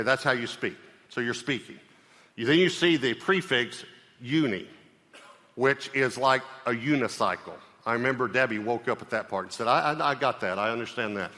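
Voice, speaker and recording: Male pastor giving a sermon, punchy and chatty, bright voice echoing around a big church. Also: medium pitch. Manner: emphatic, conversational preaching with rhetorical questions. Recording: long reverb of a large hall.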